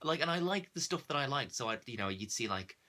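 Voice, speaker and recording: Man co-host, fast and bright-toned, sarcastic film chat, mimics characters. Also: mid-range voice, sing-song. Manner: sarcastic, acts out quoted characters. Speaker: podcast co-host. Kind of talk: casual film review chat.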